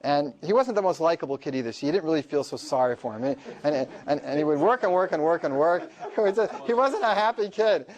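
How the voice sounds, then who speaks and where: A man in front of a class, spinning a story with lively, swooping pitch and frequent laughter. His voice sits a little above average for a man. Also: fast, few pauses, dull audio. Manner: animated storytelling, laughs often. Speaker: lecturer. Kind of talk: telling an anecdote in class.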